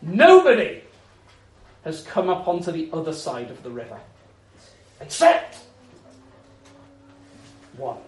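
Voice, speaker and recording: A male preacher with a fairly high voice delivers his sermon with expressive storytelling. He swings between ringing emphasis and quiet intensity. The room is echoey, with a faint hum of ambience behind him. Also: takes it slowly, long pauses.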